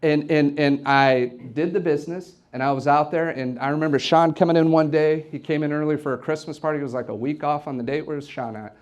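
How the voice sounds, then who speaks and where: Energetic man giving a motivational talk. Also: fairly high pitch, a little fast, hardly any pauses, dull audio. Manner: energetic, storytelling, repeats words when excited. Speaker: event host and real estate team leader. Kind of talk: motivational speech to a live audience. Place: office event space with an audience.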